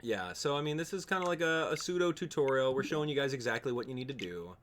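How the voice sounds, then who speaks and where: A man's voice: medium pitch, animated, fast talker, fairly bright tone, a little hiss or hum. A young man chatting casually while streaming a game live, joking with viewers and laughing often. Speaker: gaming streamer. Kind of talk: live gameplay stream chat.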